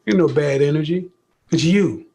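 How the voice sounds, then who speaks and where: A man's voice: on the high side, moderate pace, creaky, a little mellow. Blunt, scolding male advice host. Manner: blunt, scolding, rhetorical questions. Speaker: dating advice show host. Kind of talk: confrontational advice talk.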